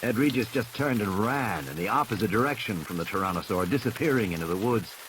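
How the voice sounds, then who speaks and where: A male narrator reads dramatic fiction with a lively, swinging delivery that swells as the tension builds. A steady rain patters clearly behind him. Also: fairly low pitch, quick pace. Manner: expressive, rising with the tension. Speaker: audiobook narrator. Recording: rain noise in background.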